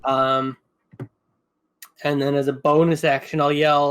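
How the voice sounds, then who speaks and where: A man's voice: a little high, level tone, a little slow, long pauses, a bit bright, clean tone. A man playing a tabletop game, wry and easygoing as he plans his move. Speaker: player. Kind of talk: casual tabletop play.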